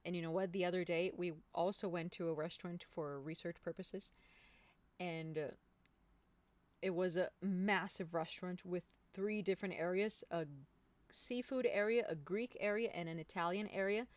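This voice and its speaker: A woman's voice: on the low side, steady tone, normal speed, no room sound. A woman singer hosting a live stream, chatting casually and rambling to her viewers.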